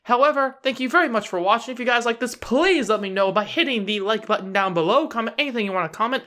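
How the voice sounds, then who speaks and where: A man's voice: extremely high pitch, lively intonation, quick pace, pushed and bright. A man on his own channel giving casual wrestling predictions, rambling and sarcastic with frequent restarts. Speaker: YouTube wrestling commentator.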